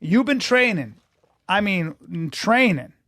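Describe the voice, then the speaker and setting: A man's voice: sits high, sing-song, a little slow, bright, forceful tone, no echo, studio quality. A man co-hosting a podcast, trading boastful, mock-serious trash talk in casual banter. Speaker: podcast co-host. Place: podcast studio.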